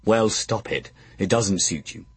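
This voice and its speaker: A man voicing a gruff, stubborn old male knight with a Welsh accent. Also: lowish voice, measured pace, dry recording, pitched below the performer's own voice. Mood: exasperated. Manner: gruff and indignant.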